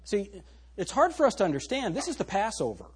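A man's voice: high voice, very animated, a little fast, slightly rough. A male pastor preaching a sermon, reading scripture aloud and pressing the congregation with emphatic rhetorical questions.

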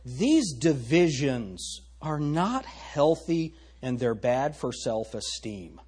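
A man's voice: mid-range voice, lively intonation, slow, darkish tone, slightly rough. A male pastor preaching a sermon, reading scripture aloud and pressing the congregation with emphatic rhetorical questions.

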